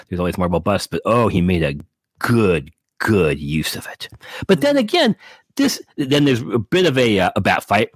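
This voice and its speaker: A man chatting on a podcast about an old comic book, animated and quick to slip into character voices. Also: lowish voice, husky, no echo. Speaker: podcast co-host. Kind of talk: casual comic book discussion.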